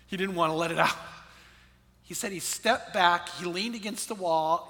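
A man preaching a sermon, dropping to a hushed storytelling voice and rising to loud emphatic preaching. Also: sits high, normal speed, long reverb tail. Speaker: pastor.

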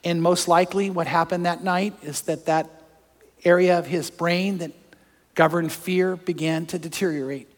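A pastor preaching a sermon, telling personal stories that move from hushed to fervent. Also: male voice, sits high, fairly even intonation, moderate pace, in a large hall.

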